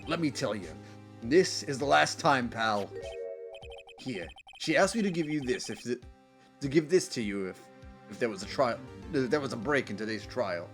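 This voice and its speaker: A man voicing a gruff, loud male police detective who speaks bluntly and calls people pal, reading game dialogue aloud. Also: medium pitch, lively intonation, moderate pace, soft background music. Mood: grumbling.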